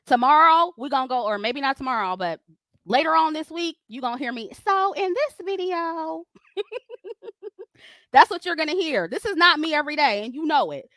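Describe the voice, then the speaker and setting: A woman's voice: fairly high pitch, pushed and bright, dry recording, clean studio sound. A woman hosting a livestream, ranting at critics in a confrontational, profane way, laughing often as she reads super chats.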